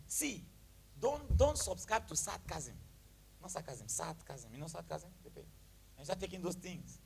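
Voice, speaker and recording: A man preaching a sermon to his church, with a lively, emphatic delivery that jumps from shouts to near whispers and mixes in Pidgin phrases. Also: on the high side, measured pace, vocal fry, slight background noise. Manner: animated preaching, shouting then dropping to a hush, Pidgin phrases, laughing. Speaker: pastor. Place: church hall with congregation.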